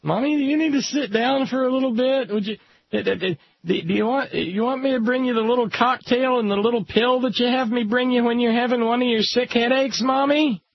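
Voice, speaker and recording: A man voicing a squeamish little child who whines and pleads with a very high, husky voice. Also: fairly quick, dry recording, heavily acted. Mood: worried. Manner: whining, pleading. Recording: dull lo-fi recording.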